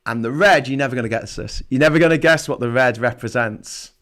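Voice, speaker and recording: A man's voice: medium pitch, fairly quick, fairly bright tone. A man hosts a live travel show, chatting casually and sarcastically, rambling with lots of restarts. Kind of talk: casual livestream chat.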